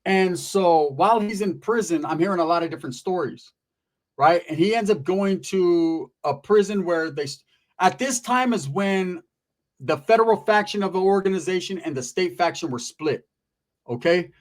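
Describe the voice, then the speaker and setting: Streetwise storyteller man, fairly high voice, salty slang. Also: moderate pace. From Merced area, California. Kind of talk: casual storytelling.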